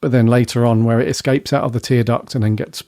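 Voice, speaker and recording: A man's voice: medium pitch, fairly even intonation, fast, mellow, no room sound. A man co-hosting a podcast, leading a casual review chat with dry, jokey asides. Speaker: podcast co-host.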